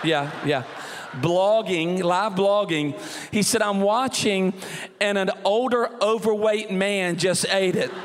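Preacher, man, high and animated, church reverb; storyteller who acts out characters. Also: slow, a little hiss or hum. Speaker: pastor. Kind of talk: sermon with humorous story. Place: church hall. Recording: long church hall reverb.

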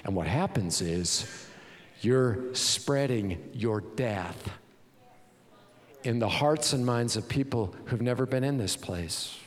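A man preaching a sermon as pastor, emphatic and animated, with many rhetorical questions. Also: mid-range voice, slow, in a large hall.

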